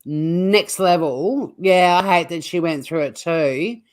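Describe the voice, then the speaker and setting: Woman co-host, low pitch, lively teasing storyteller. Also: takes it slowly. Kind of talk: casual comedic news chat.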